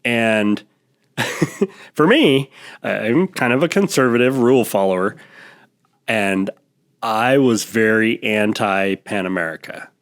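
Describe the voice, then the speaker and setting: A man hosting a podcast in casual chat, easygoing with quick reactions. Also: fairly low pitch, a bit bright. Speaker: podcast host.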